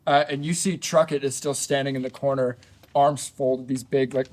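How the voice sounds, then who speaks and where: A man's voice: mid-range voice, flat delivery, normal speed, a little mellow, a little hiss or hum. A man narrating a tabletop game as dungeon master, casual and rambling with many fillers.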